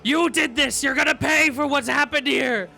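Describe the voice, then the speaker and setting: A game master voicing a wounded male fighter in a tabletop game, shouting in rage and then apologizing. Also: sits high, fairly even intonation, normal speed, vocal fry, soft background music, voice pushed up, full character voice. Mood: enraged.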